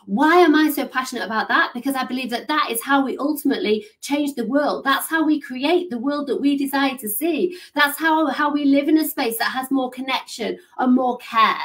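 A woman business coach gives an enthusiastic motivational talk, with a fairly high voice. She talks in an animated way and keeps dropping in "like" as she goes. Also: moderate pace, hardly any pauses. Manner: animated, enthusiastic, says "like" a lot.

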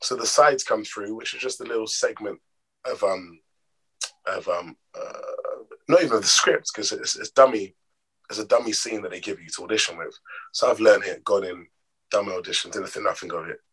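A man with a lowish, husky voice who recounts anecdotes with energy, slipping into the voices of the people in them. His delivery is expressive and conversational, fitting an interview. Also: moderate pace, low-quality recording. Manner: expressive, acts out quoted dialogue. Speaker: actor guest. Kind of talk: animated storytelling in an interview.

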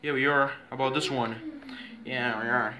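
A man's voice: mid-range voice, steady tone, moderate pace, background noise. A man fooling around in a playful home video, giggling, repeating himself and inventing silly names for himself.

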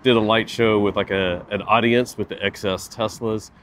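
A man's voice: on the low side, fairly even intonation, normal speed, a bit bright, a little hiss or hum. A man chatting casually in a vlog outdoors at a car event, easygoing and full of fillers. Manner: easygoing, uses lots of fillers like "like" and "uh". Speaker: vlogger.

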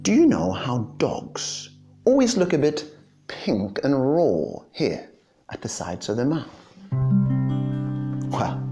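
A man telling a folktale dramatically, dropping to whispers and swelling again, over guitar music. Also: medium pitch. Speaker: storyteller.

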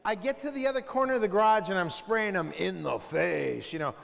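A school assembly speaker, a middle-aged man with a notably high, creaky voice, gives a brisk, animated talk to students. He tells stories, quizzes the audience and mimics sounds, and long reverb from the large school hall trails his words.

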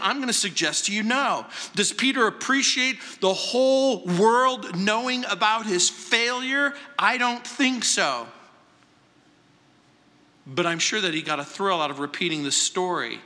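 A male pastor delivers a sermon at an unhurried, measured pace, stressing words through repetition and long pauses. His voice sits high and sounds sharp and bright. The recording has the long, lingering reverb of a large church sanctuary. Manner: deliberate, dramatic pauses and emphatic repetition. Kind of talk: verse-by-verse sermon.

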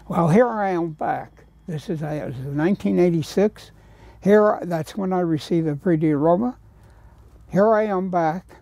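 A man's voice: fairly high pitch, measured pace, vocal fry, mellow. A man from America telling anecdotes, acting out other people's lines and sometimes dropping to a whisper. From United States. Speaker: painter telling stories. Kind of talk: anecdotal storytelling.

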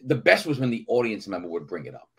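A middle-aged New Yorker appears as a guest actor on a casual podcast, animatedly telling stories and performing the voices of people in them. He speaks with a fairly low pitch at a quick pace, and his voice is slightly rough.

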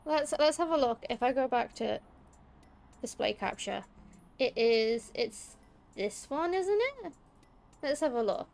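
High-voiced Liverpool woman streaming. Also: expressive, a little slow, vocal fry, pauses often, darkish tone. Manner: rambling, chatty, emphatic. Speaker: VTuber streamer. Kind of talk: casual gameplay chat.

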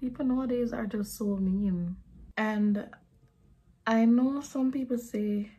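A woman's voice: on the high side, slow pace, dark tone, slightly rough. A young woman chatting bluntly while doing her makeup, slipping into patois now and then. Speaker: beauty vlogger.

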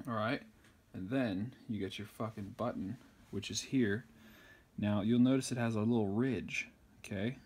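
Low, husky man in a crude rant. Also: darkish tone. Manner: crude, insulting, rambling. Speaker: comedic sewing tutorial host. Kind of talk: profane comedic tutorial rant.

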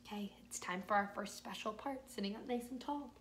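A woman music teacher reading a picture book aloud to young children, slow and exaggerated, with encouraging praise, sung bits and shifts between whispers and loud parts. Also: mid-range voice, reverberant, slight background noise. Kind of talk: children's storytime read-aloud and music lesson.

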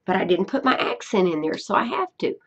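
A woman teacher talking students through an online workbook, patient and repetitive. Her voice is gravelly and a bit husky, and her pitch moves a lot. The recording sounds dull and lo-fi. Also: sing-song, a little fast. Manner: patient, repeats herself, checks in with "okay?". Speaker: Spanish teacher. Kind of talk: screencast tutorial.

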